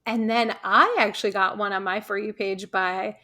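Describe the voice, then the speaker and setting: A woman with a Long Island accent hosts a relaxed podcast conversation. She talks easily, keeps things moving and laughs often at her co-host's jokes. Her voice sits at a middle pitch. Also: normal speed. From Long Island, New York. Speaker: podcast host. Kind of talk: casual chat.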